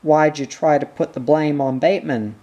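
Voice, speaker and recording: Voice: medium pitch, normal speed, highs cut off, close to an everyday voice. A reader voicing a stern police sergeant. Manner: sharp, clipped interrogation.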